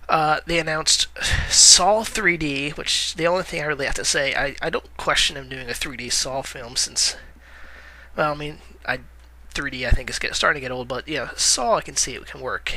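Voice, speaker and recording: A man's voice: on the high side, moderate pace, pushed and bright, rough recording. A man giving casual movie-news commentary in a vlog, rambling with lots of "uh" fillers, correcting himself and chuckling wryly at his own remarks.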